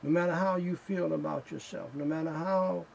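A man preaching a sermon in slow, emphatic phrases that build in fervor. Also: on the high side, fairly even intonation, gravelly, a little hiss or hum, low-quality recording.

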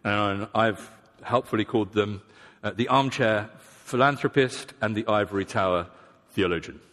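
A man's voice: lowish voice, normal speed, fairly bright tone. A man preaching a sermon in a conversational, self-deprecating way, sometimes acting out the voices of imagined people. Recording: long hall reverb.

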